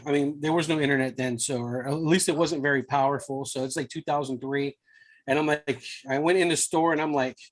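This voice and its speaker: Brief: fairly high-voiced man, a parent, laid-back profane storyteller on a live stream. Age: adult, has children. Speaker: podcast co-host. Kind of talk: casual chat, storytelling.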